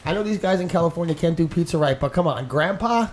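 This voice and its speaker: A man's voice: fairly high pitch, expressive, fast talker. Easygoing podcast co-host, a man. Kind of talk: casual chat.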